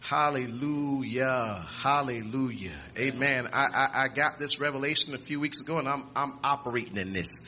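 A man preaching a sermon, reading scripture aloud with restarts and repeats, and rising to shouts and exclamations. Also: medium pitch, moderate pace, hardly any pauses.

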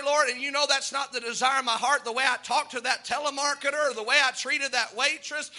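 Bright, high-voiced fervent male preacher. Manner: fervent, emphatic preaching with rising exclamations; folksy, self-deprecating storytelling. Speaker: pastor. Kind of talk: sermon.

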